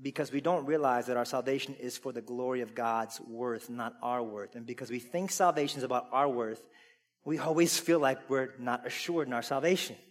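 A man preaching a sermon to a congregation. He asks them questions and climbs from easy conversation to loud, full-voiced preaching. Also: mid-range voice, brisk. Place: church sanctuary. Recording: long reverb of a large hall.

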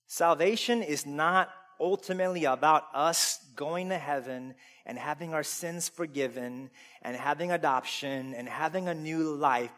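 A man preaching a sermon to a congregation. He asks them questions and climbs from easy conversation to loud, full-voiced preaching. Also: on the high side. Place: church sanctuary. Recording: long reverb of a large hall.

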